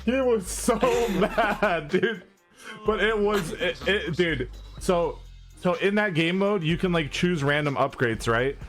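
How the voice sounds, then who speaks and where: A young man in a relaxed gaming chat. His voice sits a little high as he rambles through a game story, swearing all the way. Faint music plays softly behind him. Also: takes it slowly.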